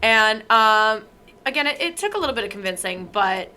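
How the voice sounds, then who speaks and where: A bright, fairly high voice belongs to a young woman on a podcast. She retells stories with lively, acted-out quotes, her tone easy and chatty. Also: moderate pace. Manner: animated retelling, acts out quoted dialogue. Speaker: podcast co-host. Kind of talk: casual storytelling chat.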